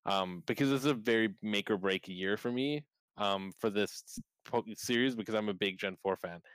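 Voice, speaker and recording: Smooth-voiced excitable male podcast host. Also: lowish voice, moderate pace, no echo, poor audio. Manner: animated storyteller, acts out his own reactions. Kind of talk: casual podcast chat.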